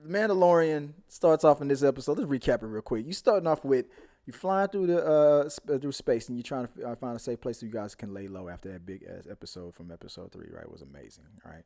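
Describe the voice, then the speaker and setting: Male host, casual live review, lively up-and-down delivery, rambles and mumbles. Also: medium pitch, fast, creaky. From Houston, Texas area. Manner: rambling, animated, trails off to mumbles. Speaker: show host.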